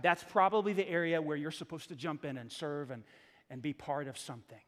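A man's voice: fairly high pitch, fairly quick. A middle-aged man preaching a sermon as pastor, talking in a conversational, emphatic way and repeating his key phrases. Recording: long hall reverb.

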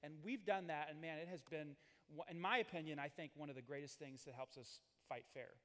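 A middle-aged man co-hosting a marriage talk, telling rambling, animated stories full of restarts. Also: on the high side, brisk, big-room sound. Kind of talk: casual storytelling talk.

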